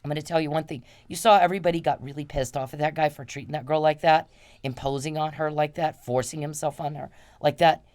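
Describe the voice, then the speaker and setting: A woman's voice: sits low, steady tone, quick pace, a little mellow. A woman hosting a podcast, delivering an angry, repetitive, profane monologue aimed straight at one man. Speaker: podcast host.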